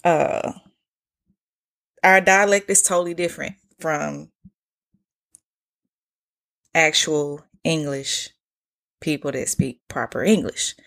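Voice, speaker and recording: A woman's voice: low voice, fairly even intonation, takes it slowly, vocal fry, pauses often, a bit bright. A young woman with an Atlanta Southern accent, hosting a podcast and telling travel stories in a candid, slangy way with plenty of swearing. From United States. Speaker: podcast host. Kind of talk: casual solo podcast storytelling.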